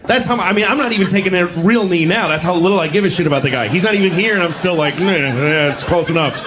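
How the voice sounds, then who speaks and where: A middle-aged man from New York doing a stand-up comedy set, telling stories with sudden high-pitched acted outbursts. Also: racing, background noise. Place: comedy stage before a laughing audience.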